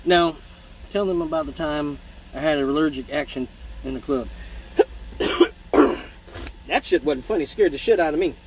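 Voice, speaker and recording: A man spins profane childhood stories for his live audience, animated and fond of mimicking the people in them. His voice sits a bit high, and he is fighting off hiccups. A faint hum runs under the recording. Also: moderate pace, long pauses, rough recording. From Michigan. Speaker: live-stream host telling stories. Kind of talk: casual storytelling.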